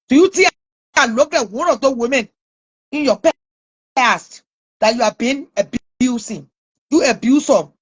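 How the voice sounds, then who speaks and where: A woman with a Liberian English accent rants online in a high-pitched voice that is pushed and bright. She scolds someone in a taunting live rant, breaking into mocking laughs.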